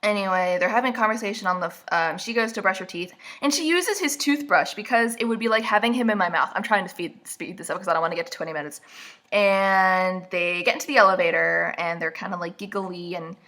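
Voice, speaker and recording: A young woman with a bright, clear-edged voice picks apart a book in a casual recap. She talks straight to her camera from an indoor seat, throwing in sarcastic asides. Her voice is a little stuffy from allergies. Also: medium pitch, fast talker. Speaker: vlogger.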